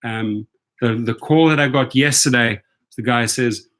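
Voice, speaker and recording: A man's voice: mid-range voice, measured pace, fairly bright tone. A man hosting a casual livestream, talking emphatically and asking rhetorical questions. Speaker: rideshare channel host.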